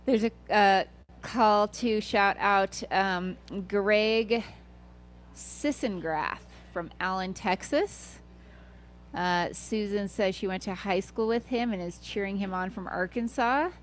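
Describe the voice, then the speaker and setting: A woman's voice: mid-range voice, slow, a little hiss or hum. A woman commentating live on a mountain ultramarathon livestream, chatty and playful, sometimes correcting herself.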